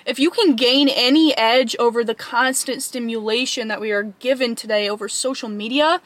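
A woman's voice: on the high side, no echo. A young woman giving an earnest, emphatic motivational talk to camera as a fitness vlogger. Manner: earnest, emphatic, acts out an inner voice in quick asides.

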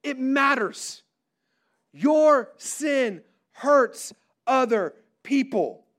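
Middle-aged male pastor, very high voice, preaching to a big crowd on a stage mic, emphatic and drawn out. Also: animated, a bit bright. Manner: preaching with rising emphasis, drawn-out stressed words. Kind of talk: sermon. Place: large hall before a crowd.

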